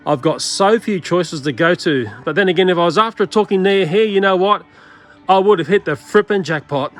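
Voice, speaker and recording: A man's voice: high-pitched, a little fast, faint music behind. A man talking casually in a toy-collecting vlog, chatty and often exclaiming in exasperation.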